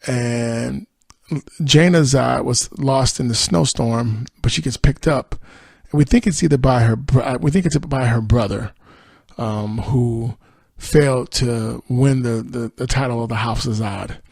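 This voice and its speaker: A man's voice: mid-range voice, measured pace, gravelly, darkish tone, husky, dry recording. A man hosting a podcast, casually recapping a TV episode in a chatty way with lots of fillers. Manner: chatty, many fillers, quotes characters in his own voice. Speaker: podcast host.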